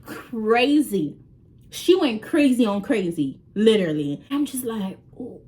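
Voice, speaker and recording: Animated woman telling a slangy story. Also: a little high, a little slow. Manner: animated, slangy, swearing, acting out voices. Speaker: vlogger. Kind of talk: casual storytelling.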